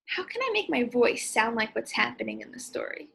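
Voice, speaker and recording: A woman teacher explaining and demonstrating expressive reading aloud in a reading lesson. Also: fairly high pitch, a little fast, vocal fry, husky.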